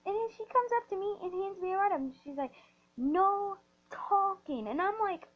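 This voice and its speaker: A woman telling a rambling, excitable story while playing a game, often restarting her sentences. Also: very high-pitched, quick pace, phone-quality sound. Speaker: gaming storyteller. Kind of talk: storytime over gameplay.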